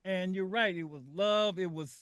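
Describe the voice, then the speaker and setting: A man co-hosting a radio talk show, recalling stories in a relaxed conversational way. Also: high-pitched, normal speed, dry recording, lo-fi sound. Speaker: radio co-host. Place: radio studio.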